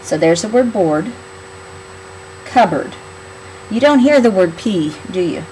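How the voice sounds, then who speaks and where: A woman's voice: medium pitch, lively intonation, normal speed, dark tone, a little hiss or hum, poor audio. Patient woman teacher leading a spelling lesson. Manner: clear, patient, instructional, stretching out words to spell.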